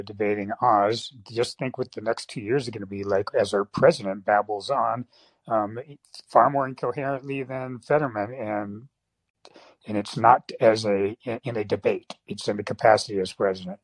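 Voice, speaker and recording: A man's voice: mid-range voice, dry recording, poor audio. Man chatting on a political podcast. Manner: quizzing, agreeable. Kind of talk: casual political chat.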